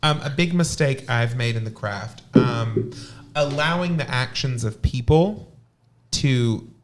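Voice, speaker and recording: A man with an ordinary mid-range voice works through a personal answer on a panel show. He talks candidly and thoughtfully. He often pauses on fillers and restarts his sentences. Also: mid-range voice, a little hiss or hum. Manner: thoughtful, candid, with frequent fillers and self-corrections. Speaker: co-host and high priest.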